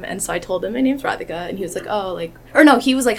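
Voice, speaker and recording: A woman's voice: mid-range voice, racing, few pauses, slight background noise. A woman with a mid-range voice chatting casually on a podcast. She tells her story loosely and slips into quoting what she said. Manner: giggly storyteller, quotes herself. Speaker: podcast guest, filmmaker. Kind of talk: casual chat.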